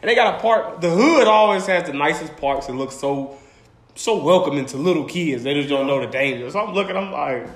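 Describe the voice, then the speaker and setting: A man telling stories in a casual chat. He is animated and profane, and he laughs often as he talks. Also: on the high side, brisk, roomy sound.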